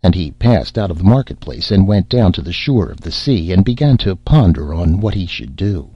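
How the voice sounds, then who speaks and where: A man narrating a classic fairy tale in a measured, expressive storytelling manner. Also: low-pitched, breathy edge, no room sound, highs cut off. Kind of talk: storybook reading.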